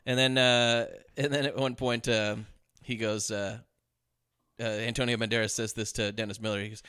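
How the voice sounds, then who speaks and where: A man co-hosting a casual movie podcast, recapping scenes in an animated way, acting out lines and laughing as he goes. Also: mid-range voice, normal speed, smooth, no room sound, studio quality. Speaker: podcast co-host. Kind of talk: casual movie review chat.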